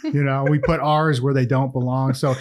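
A man's voice: medium pitch, little pitch movement, moderate pace. Man, forties, from Massachusetts, podcast guest, easygoing storyteller, laughs a lot. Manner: laid-back storytelling, laughs often, swears casually. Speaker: podcast guest, former football player. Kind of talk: casual chat.

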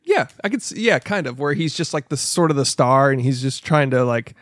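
A man's voice: medium pitch, moderate pace, dry recording, clean studio sound. A man from Canada co-hosting a casual podcast, rambling and swearing, with lots of filler words. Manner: rambling, profane, heavy use of filler "like". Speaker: podcast co-host.

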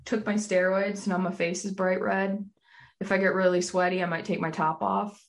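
A woman's voice: mid-range voice, flat delivery, normal speed. A young adult woman co-hosting a podcast, chatting casually with blunt jokes and frequent giggles. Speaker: podcast co-host. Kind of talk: casual chat.

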